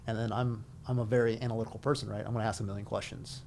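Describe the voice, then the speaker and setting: A man's voice: fairly low pitch, little pitch movement, racing, gravelly, darkish tone, a little hiss or hum. Chatty man telling a story with fillers. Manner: chatty, full of fillers, acts out quoted dialogue. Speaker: veteran guest. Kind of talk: casual storytelling conversation.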